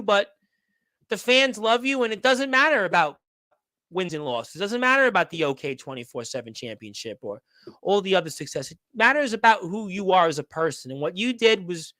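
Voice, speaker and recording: A man with a high voice hosts a wrestling talk show, rambling and encouraging as he goes, often circling back to the same point. His voice sounds close and dry. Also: pushed and bright, no echo. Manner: rambling, encouraging, repeats himself. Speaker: radio show host. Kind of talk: casual podcast chat.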